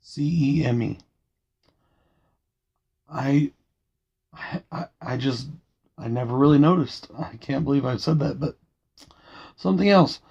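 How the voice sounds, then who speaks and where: Soft-spoken man with a gravelly husky voice. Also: on the high side, unhurried, pauses often, lo-fi sound. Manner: soft-spoken and quiet, rambling musings. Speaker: movie reviewer. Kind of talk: casual video review. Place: home at night, dim room.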